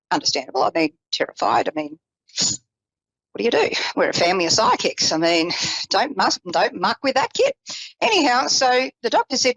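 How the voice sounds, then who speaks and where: A woman psychic telling a personal story in an animated, casual way, with self-deprecating asides, acting out the voices she quotes. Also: fairly high pitch, normal speed, long pauses, dry recording, poor audio. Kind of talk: storytelling on a call-in psychic show.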